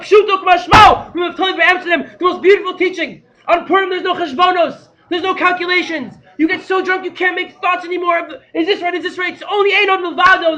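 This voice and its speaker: A man teaching a storytelling Torah class, who gets excited and breaks into shouting. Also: extremely high pitch. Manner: excitable, breaks into shouting, mixes Hebrew and Yiddish terms.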